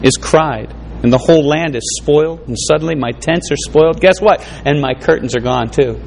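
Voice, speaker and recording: A man preaching a sermon to a room, fervent and emphatic as he reads out scripture and drives each point home. His voice sits a little high for a man. A faint noise runs under the recording. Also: slow, creaky, long pauses, darkish tone. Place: room with an audience.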